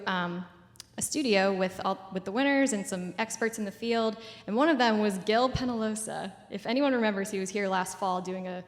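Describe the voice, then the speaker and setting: A woman's voice: medium pitch, long reverb tail. A woman in her twenties giving a casual public talk at a community event, full of "like" and "um" fillers. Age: 20s.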